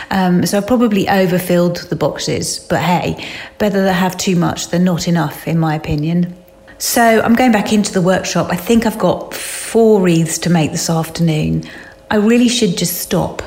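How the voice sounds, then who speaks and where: A woman's voice: lowish voice, a little mellow. A middle-aged English woman keeping a casual spoken diary, chatty and emotional, sighing and laughing between thoughts. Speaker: florist keeping an audio diary. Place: at home and in a van.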